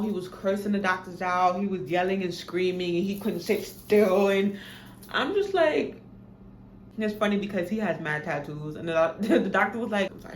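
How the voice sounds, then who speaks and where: Young New woman vlogger, low voice, dramatic storytelling, roomy echo with faint noise. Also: moderate pace. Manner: animated, profane, dramatic retelling. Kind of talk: casual storytime. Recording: echoey room, faint background noise.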